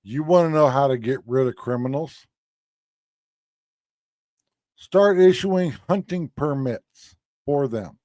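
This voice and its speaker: A man's voice: medium pitch, slow pace, long pauses, darkish tone, no echo, clean studio sound. A man ranting on a live stream in a crude, blunt and angry way. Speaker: streamer commenting on clips. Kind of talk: profane live-stream rant.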